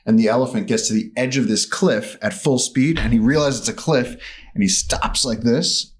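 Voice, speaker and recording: A man's voice: mid-range voice, normal speed, husky. A man telling a vivid story as a podcast guest. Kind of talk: conversational storytelling.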